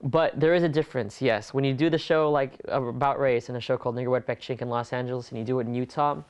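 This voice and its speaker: A man from California speaks as an interview guest in a smooth, resonant voice of middle pitch. He talks earnestly and with animation, and he laughs easily between his points. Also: fairly even intonation, fast. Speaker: interview guest, stage performer. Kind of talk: conversational interview.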